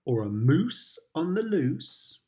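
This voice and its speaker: A British father reads picture books aloud in a slow, lilting voice. His pitch rises and falls playfully as he adds sound effects for his child. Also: sing-song, mellow. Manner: slow and sing-song.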